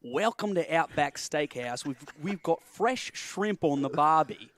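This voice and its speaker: A man's voice: a little high, expressive, measured pace, fairly bright tone. A man putting on an Australian accent as a cheerful restaurant commercial announcer. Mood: salesy. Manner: upbeat, salesy.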